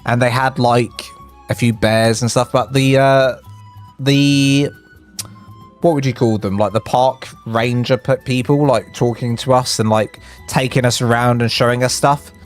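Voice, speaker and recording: A chatty English man streams a building game live, rambling through stories and reactions to chat. His voice leaps up in pitch whenever something excites him. Faint music plays under his talk. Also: measured pace. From England.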